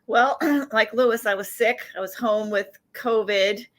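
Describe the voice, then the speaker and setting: Thoughtful woman guest on a podcast. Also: on the high side. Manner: thoughtful, measured. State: recovering from illness. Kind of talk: casual chat.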